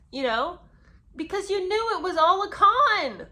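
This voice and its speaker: Scornful, bright-voiced woman commentator. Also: very high-pitched, sing-song, a little slow. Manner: scornful, incredulous, emphatic. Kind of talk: sarcastic commentary on a memoir.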